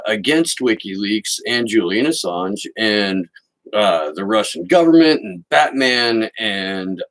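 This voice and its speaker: A man's voice: fairly low pitch, a bit bright, poor audio. A man hosting a podcast, giving sarcastic, mocking political commentary and reading quotes aloud. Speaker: podcast host.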